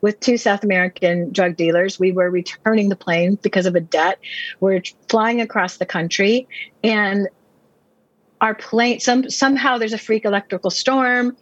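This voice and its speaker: Husky-voiced woman pastor telling her testimony. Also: mid-range voice, fairly even intonation, no room sound, muffled recording. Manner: earnest, vivid storytelling with quick repeated restarts. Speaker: pastor and Bible teacher. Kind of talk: personal testimony storytelling.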